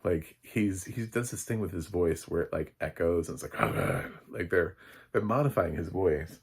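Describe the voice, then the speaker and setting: A man's voice: sits low, normal speed, darkish tone, breathy edge. A man, a film critic, giving a casual spoken recap of a TV episode in a rambling, chatty way with many fillers and chuckles.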